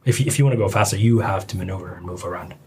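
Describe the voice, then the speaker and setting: A man talking as a podcast guest in a relaxed, easygoing way with many pauses and ums. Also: sits low, slight background noise. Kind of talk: casual chat.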